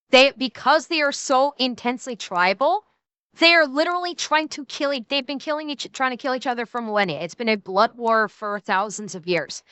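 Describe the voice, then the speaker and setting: High, bright-voiced woman streamer. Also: clean tone, dry recording. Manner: blunt, profane, restarts often. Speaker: streamer reacting to a video. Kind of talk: casual reaction commentary.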